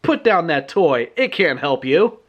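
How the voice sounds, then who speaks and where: A man voicing a menacing, shape-shifting male supervillain, gloating and mocking in a lowered voice. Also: very animated, measured pace, dull audio.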